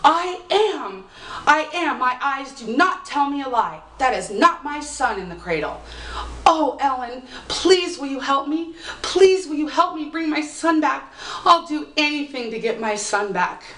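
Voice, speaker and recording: A woman's voice: high voice, animated, measured pace, pushed and bright, full character voice. A woman voicing a grieving peasant mother who pleads with rising emotion, recorded from a distance in an echoey room. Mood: pleading. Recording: roomy, distant mic.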